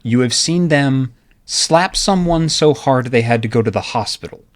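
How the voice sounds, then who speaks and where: Animated man running a game. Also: medium pitch, moderate pace. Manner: animated, laughing, loose narration. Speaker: game master. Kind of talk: narrating a tabletop role-playing game.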